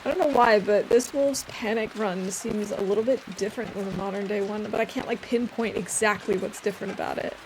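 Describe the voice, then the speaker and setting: A woman's voice: mid-range voice, a little fast, hardly any pauses, darkish tone, a little hiss or hum. A woman streamer giving casual let's-play commentary while she plays, chatty and rambling with a self-amused tone.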